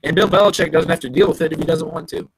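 A man's voice: a little high, racing, noisy background. A man co-hosting a casual sports chat, blunt and firm in his opinions. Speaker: sports podcast co-host.

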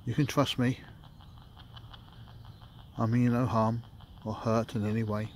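A man running a ghost hunting session outdoors at night, talking slowly and calmly to coax spirits. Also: mid-range voice. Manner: calm, coaxing, speaks slowly to spirits. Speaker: paranormal investigator. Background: faint noise of passing traffic.

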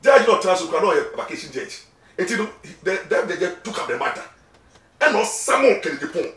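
High, lively Ghanaian man, echoey. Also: moderate pace. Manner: emphatic, repeats words, acts out quotes. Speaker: lawyer guest. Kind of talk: animated interview talk mixing Twi and English. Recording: echoey room, mic at a distance.

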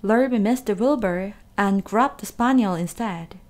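A woman reading a children's story aloud in a gentle, expressive way. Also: medium pitch, unhurried.

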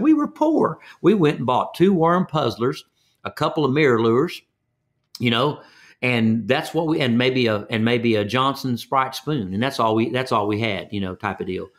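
An older fishing guide from Texas, with a Texan accent and a fairly bright, mid-range voice, shares stories in a folksy interview. He tends to repeat his words and acts out quoted voices.

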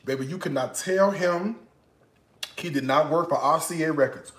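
A man's voice: fairly high pitch, normal speed, fairly bright tone, echoey room, a little hiss or hum. A man hosting his own cooking vlog from his home kitchen, chatting in a playful, sassy way and breaking into song now and then. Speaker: cooking show host. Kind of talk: casual cooking vlog chat.

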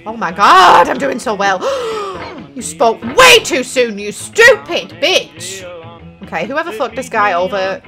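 A young woman giving frustrated gameplay commentary, swearing constantly and swinging between sarcasm and yelling. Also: a little high. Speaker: gaming channel host.

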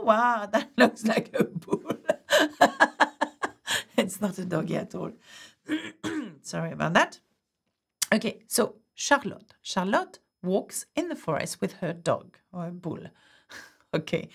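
A woman's voice: fairly low pitch, gravelly, a bit bright. A woman teaching a French grammar lesson, patiently explaining step by step and often checking in with "okay?". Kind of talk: online language lesson.

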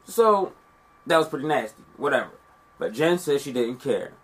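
A man's voice: medium pitch, very animated, moderate pace, slight background noise, natural voice. An actor playing a young man on a phone call who tells a rambling, profane story about a party night, defensive and streetwise. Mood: recounting. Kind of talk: scripted monologue.

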